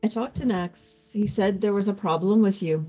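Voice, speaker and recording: A woman's voice: mid-range voice, moderate pace, warm tone, pitched above the performer's own voice, natural voice. A woman voicing a blunt but caring young woman who braids a friend's hair, speaking brusquely with a tender streak. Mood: earnest. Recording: dull lo-fi recording with faint music.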